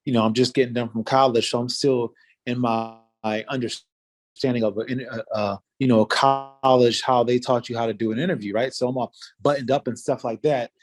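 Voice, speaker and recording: A man's voice: medium pitch, fairly even intonation, a little fast. A man in his forties, a guest in a casual interview, telling a story in a laid-back way with many fillers. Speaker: interview guest, former fighter.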